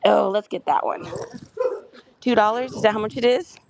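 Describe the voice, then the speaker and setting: Gravelly chatty woman, half-whispering. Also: mid-range voice, normal speed, background noise. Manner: chatty, often drops to an unvoiced whisper. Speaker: livestream host. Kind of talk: casual garage sale live stream. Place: outdoor garage sales.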